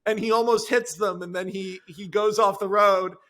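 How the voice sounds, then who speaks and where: A man with a notably high speaking voice talks as a guest on a podcast. He recounts his own script in an eager rush, tripping over restarts and circling back mid-sentence. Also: steady tone, pushed and bright. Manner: fast, enthusiastic storytelling with many restarts. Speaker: screenwriter guest. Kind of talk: podcast conversation.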